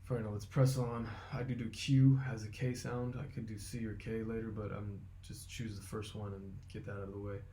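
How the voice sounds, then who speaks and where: A man talking through his vocal warm-up routine, explaining step by step and thinking aloud with fillers. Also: on the low side, little pitch movement, brisk, few pauses, slight background noise. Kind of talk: casual instructional vlog.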